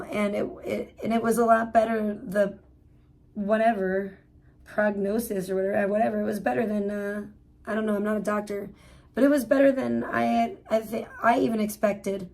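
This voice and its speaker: Woman livestreamer, swears a lot, rambles on, mid-pitched voice. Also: a little mellow. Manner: blunt, profane, rambling. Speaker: livestream host. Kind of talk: casual livestream commentary.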